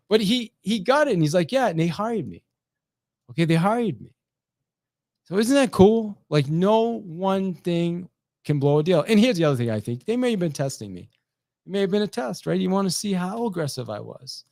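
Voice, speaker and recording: A middle-aged man, a sales trainer, talking to camera in an energetic, chatty way, often repeating words and tossing in "right?" as he goes. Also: high-pitched, no room sound, studio quality.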